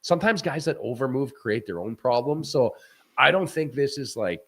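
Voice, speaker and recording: A man, a former hockey goaltender, talking hockey in a loose, animated way with frequent restarts and laughs. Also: medium pitch, moderate pace. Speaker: former goaltender, guest analyst. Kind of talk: casual post-game chat.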